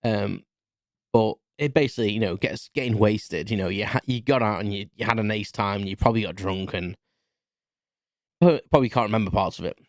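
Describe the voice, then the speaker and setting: A man's voice: on the low side, brisk, no echo, clean studio sound. A British man around forty hosts a solo podcast, telling a candid story in a rambling, chatty way. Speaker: podcast host.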